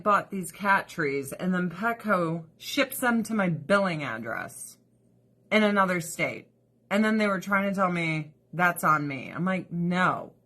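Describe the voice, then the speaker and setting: Slow-talking, weepy woman vlogger. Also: medium pitch, fairly bright tone. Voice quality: emotional, rambling, laughs often, swears casually. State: weepy, emotional. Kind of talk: casual livestream chat.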